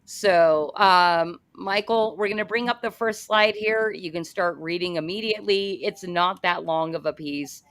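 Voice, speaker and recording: A woman's voice: on the low side, unhurried, few pauses, fairly bright tone, dry recording. A woman with an American accent hosting a live-stream interview, upbeat, chatty and joking. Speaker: host.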